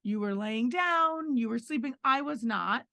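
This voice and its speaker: A woman's voice: fairly high pitch, animated, a little slow, gravelly, sharp tone, no room sound. A middle-aged woman co-hosting a podcast in casual chat with her husband, firm and matter-of-fact as she holds her ground. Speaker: podcast co-host.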